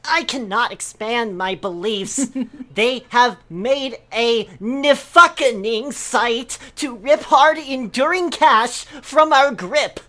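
A pompous, indignant poster in broken grammar, as a woman reads the post aloud. The lines come slow and grand, pitched a little high for a woman, with outbursts of outrage at the sellers. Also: pushed and bright. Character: indignant non-native forum poster ranting about scammers. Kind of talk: dramatic reading of a forum post.

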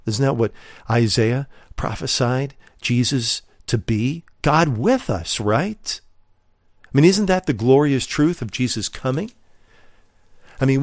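A man preaches with earnest emphasis, slowing down to lean on key words and asking his listeners pointed rhetorical questions. His voice sits in a middle pitch and sounds close and dry, with no room echo. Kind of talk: sermon teaching.

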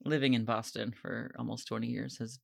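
Gravelly chatty man in his thirties. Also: medium pitch, flat delivery, brisk. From Maine. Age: 30s. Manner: self-deprecating, chatty. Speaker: podcast host. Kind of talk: casual chat.

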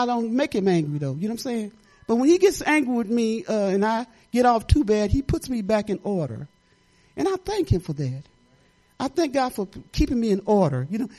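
A woman's voice: fairly high pitch, mellow. Older woman, church testimony, rambling, laughs a lot, restarts sentences. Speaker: church member giving testimony.

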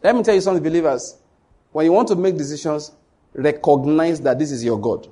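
Husky-voiced Nigerian pastor preaching. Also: male voice, fairly high pitch, brisk, warm tone. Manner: emphatic, repetitive preaching that addresses the congregation directly. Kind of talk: sermon.

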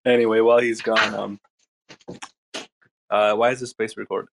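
A man joining a live audio chat as a guest, teasing the others in an unhurried drawl. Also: lowish voice, level tone, creaky. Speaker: guest speaker.

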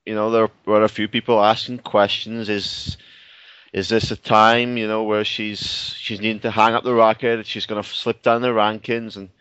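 A man with a Scottish accent talking tennis as a co-host, measured and thoughtful with frequent fillers. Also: fairly low pitch, little pitch movement, a bit bright, clear, resonant tone, no echo, dull audio. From Scotland. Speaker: co-host on the line. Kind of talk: casual sports chat.

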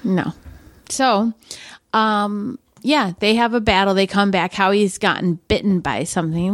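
A woman's voice: medium pitch, a little slow, no echo, studio quality. Chatty woman recapping a movie. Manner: playful, chatty, laughs often. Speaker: podcast co-host. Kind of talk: casual movie recap chat.

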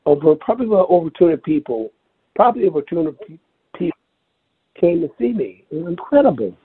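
A man recalling his experience in an interview, speaking haltingly, searching for words and repeating himself. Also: fairly high pitch, very animated, breathy edge, no room sound. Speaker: interview guest. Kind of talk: personal recollection over the phone. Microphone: telephone. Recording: tinny phone line.

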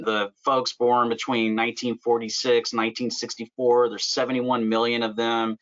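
A man moderating a webinar panel, asking questions in a measured way. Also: mid-range voice, a bit bright, muffled recording.

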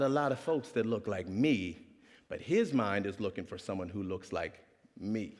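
A man preaching in a church hall, telling a story with an animated, swooping delivery. He puts on voices for the people in the story, and the sound carries a long hall reverb. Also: on the low side, moderate pace. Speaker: pastor. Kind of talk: storytelling sermon.

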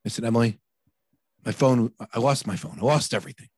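A husky, mid-range male voice, quick-paced, comes through in clean studio sound with no room tone. He's a podcast co-host in his thirties or forties, animatedly telling a family story in casual chat and acting out the dialogue with exasperation.

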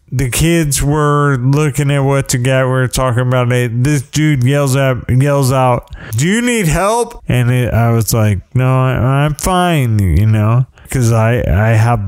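Slow, wry storytelling man, dry sound. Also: medium pitch, a little mellow, clean tone, no echo. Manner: rambling, wry, with frequent restarts. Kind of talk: casual storytelling monologue.

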